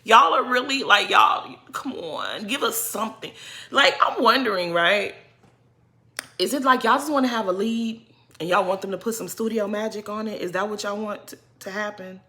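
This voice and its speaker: A young woman giving a casual, animated reaction commentary, talking straight to the people she discusses in an exasperated, playful way. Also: mid-range voice, moderate pace. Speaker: reality TV commentator.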